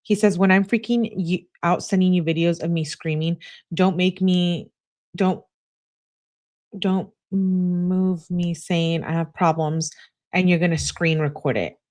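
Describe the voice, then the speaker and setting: Low-voiced woman reading text messages. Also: steady tone, darkish tone. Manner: reads messages aloud with quick asides. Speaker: true crime commentator.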